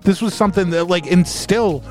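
A man's voice: sits high, moderate pace, darkish tone. Profane young man, casual chat. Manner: profane, laid-back. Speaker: podcast co-host.

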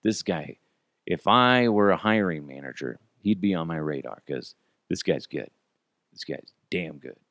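Laid-back man, lively rambling storyteller. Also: unhurried, no room sound. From Colorado. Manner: rambling, laughs often, acts out quotes; reads ad copy in a hyped pitch. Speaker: podcast host. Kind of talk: casual storytelling podcast.

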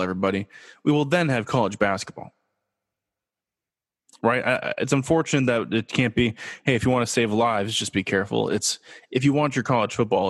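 A man hosts his own sports talk show in a loose, joking way, firing off rhetorical questions and answering them himself. His voice sits at an ordinary middle pitch. The sound carries a long reverb tail, as if he is recorded in a big hard room. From Los Angeles, USA. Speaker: podcast host.

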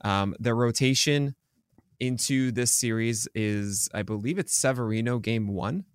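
A man's voice: medium pitch, clear, resonant tone, no echo. A man co-hosting a sports podcast, talking casually and rambling, correcting himself as he goes. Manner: rambling, self-correcting, quick to joke. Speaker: podcast co-host. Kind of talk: casual chat.

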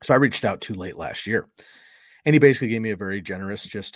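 A man's voice: on the low side, fast talker, no echo, clean studio sound. A middle-aged man hosting a podcast, telling a story in a casual, conversational way and acting out the quoted dialogue. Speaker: podcast host.

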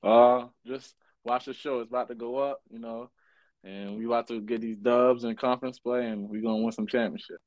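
A man's voice: medium pitch, steady tone, moderate pace, darkish tone, dry recording, lo-fi sound. A young man from Baltimore, a college basketball player, answering casually with lots of "you know". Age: young adult. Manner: easygoing, fillers like you know. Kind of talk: casual interview.

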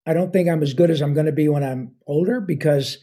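A man in his sixties chats as a guest, talking with eager enthusiasm and wandering off into asides. His voice sits a bit high for a man but sounds mellow and warm, with a husky edge to it. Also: fast. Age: 60s. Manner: enthusiastic, rambling with fillers. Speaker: guest voice actor. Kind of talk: casual interview talk.

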